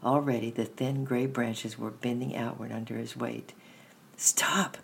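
A man reading a children's story aloud in a steady, measured first-person narration. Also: medium pitch, creaky, slight background noise.

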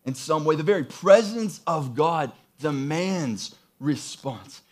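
A man's voice: fairly high pitch, slow. A man preaching a sermon, reading scripture and then explaining it with emphatic, rising passages and repeated phrases. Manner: emphatic, builds to excited peaks with repeated phrases. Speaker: pastor.

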